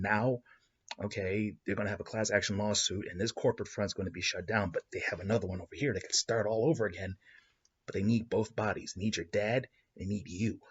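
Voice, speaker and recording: A man hosting a podcast, improvising a story in an excitable, rambling way. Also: on the low side, husky. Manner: excitable, rambling, with restarts and laughs. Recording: dull lo-fi recording.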